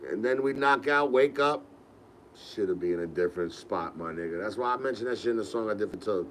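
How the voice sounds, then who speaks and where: A young man with a low voice tells stories from his life in a loose, slangy podcast chat. He gets animated as the stories build. A faint hiss sits under the recording. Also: a little fast. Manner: animated, laughing, slangy storyteller. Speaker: podcast host. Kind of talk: casual storytelling.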